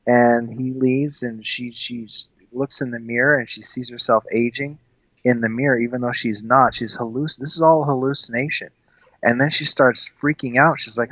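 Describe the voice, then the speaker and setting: A man's voice: mid-range voice, steady tone, moderate pace, sharp tone, dry recording, muffled recording. A man co-hosting a casual film discussion, talking earnestly with many fillers and restarts. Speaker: podcast co-host.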